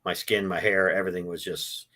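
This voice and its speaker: A man in his sixties, a book author, telling his life story in an interview, with an animated delivery that swells when he is moved. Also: low-pitched, fairly quick. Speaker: author guest.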